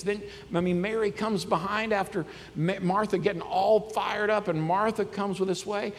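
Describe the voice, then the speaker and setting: Male pastor, a touch high-pitched, lively conversational preaching in a long-reverb sanctuary with faint room ambience. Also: normal speed, slight background noise. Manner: conversational, animated preaching with scripture reading. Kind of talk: sermon.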